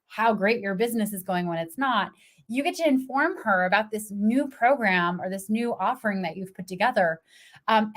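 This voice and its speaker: A woman business coach talking casually on a livestream from a phone propped against her computer, laughing often and acting out little quoted voices. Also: fairly high pitch.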